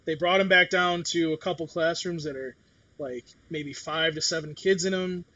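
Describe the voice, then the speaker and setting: A man's voice: fairly high pitch, steady tone, normal speed, sharp tone, dry recording. A middle-aged man in casual chat, talking bluntly with swearing and acting out what others said. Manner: blunt, swears, acts out quotes.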